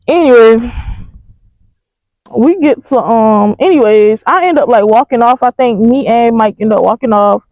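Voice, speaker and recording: A young woman telling a storytime in a casual, profane, animated way. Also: high voice, no room sound, dull audio. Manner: animated, profane, emphatic retelling.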